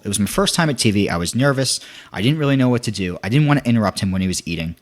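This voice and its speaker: A young man telling a story in casual podcast chat, animated, acting out quotes with many restarts. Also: medium pitch, rapid-fire.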